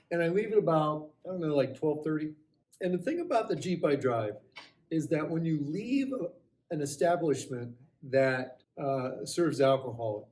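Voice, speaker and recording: Brief: middle-aged man, casual anecdote, animated, voices each side of the talk. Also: mid-range voice, distant mic. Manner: animated, acts out both sides of the conversation. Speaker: storyteller on a student news show. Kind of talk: casual anecdote told to camera.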